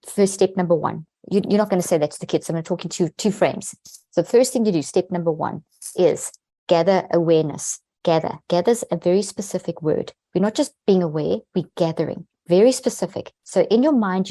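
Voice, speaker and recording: A woman's voice: fairly low pitch, lively intonation, fairly quick, mellow, no room sound. A woman guest on a podcast interview, a neuroscientist explaining techniques in an earnest way and pressing key words.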